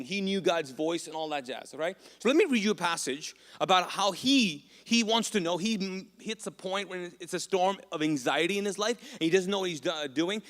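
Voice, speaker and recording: Pastor, male, slightly high voice, loose and animated delivery, long hall reverb. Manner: casual, joking, animated preaching. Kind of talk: sermon. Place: church auditorium.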